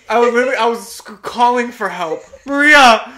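A young woman co-hosting a casual podcast chat, giggly and breaking into loud laughter as she tells stories. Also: on the high side, brisk, hardly any pauses. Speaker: podcast co-host.

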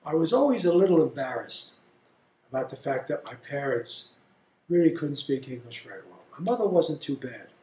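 An older man being interviewed, telling family stories in a blunt, animated way. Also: a little high, moderate pace. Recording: roomy echo.

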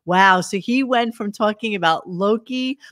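A woman's voice: medium pitch, measured pace, a bit bright, no echo, clean studio sound. A woman co-hosting a podcast, mocking the radio clips she plays in a casual chat. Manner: sarcastic, mocking commentary. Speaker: podcast co-host.

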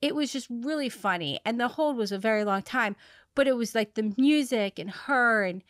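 A woman hosting a podcast, telling a long story in a rambling way, with many fillers and restarts, laughing at her own dark humor. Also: a little high, normal speed, dry recording, studio quality. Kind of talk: casual conversational storytelling.

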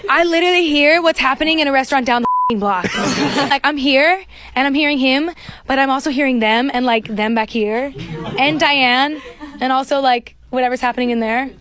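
Woman singer, high voice, giggly, rambling, casual interview chat. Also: fairly bright tone. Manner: giggly, rambling, quick to laugh.

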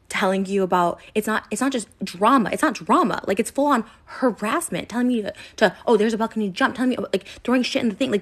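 A woman in an emotional rant straight to camera, upset and hurt, rambling with lots of "like" and restarts. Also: mid-range voice. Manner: rambling, filler-heavy, restarts and repeats. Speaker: internet personality.

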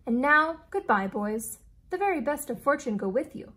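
A woman reading aloud as an eccentric male inventor who speaks in a formal, old-fashioned, deliberate way. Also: sits high, very animated, fairly bright tone.

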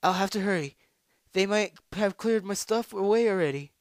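A man's voice: fairly high pitch, a little slow, no echo, studio quality, voice pushed up, close to an everyday voice. A man voicing a boastful female unicorn stage magician who talks about herself in the third person. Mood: flustered.

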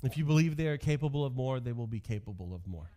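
A man's voice: mid-range voice, lively intonation, fast, dark tone. A male pastor in his thirties giving a sermon, telling stories from his youth with self-deprecating humor.

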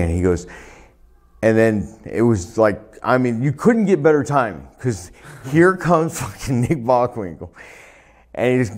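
A retired wrestler telling profane, laughing stories in a sit-down interview, recorded on a lapel mic indoors. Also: male voice, mid-range voice. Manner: profane, laughing, animated anecdotes. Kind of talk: storytelling shoot interview.

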